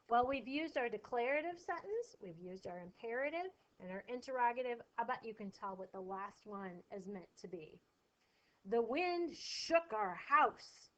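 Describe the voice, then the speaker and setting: A woman's voice: a little high, fairly bright tone, low-quality recording. A woman teacher explaining a lesson to her pupils, coaxing them with questions and reading the examples aloud with emphasis. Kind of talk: classroom lesson video.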